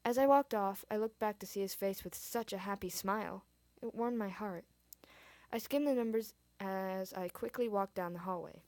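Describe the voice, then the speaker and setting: Expressive woman reading a story aloud. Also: mid-range voice, normal speed, no room sound. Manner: expressive, adds asides and swears in reaction. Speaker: reader. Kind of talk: reading fan fiction aloud.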